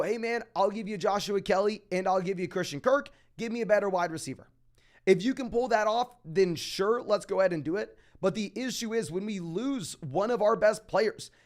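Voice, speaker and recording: Young male host, high-pitched, quick and emphatic, reads viewer questions and gives casual advice. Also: darkish tone. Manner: fast, emphatic, calls listeners "my man". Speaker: fantasy football podcast host.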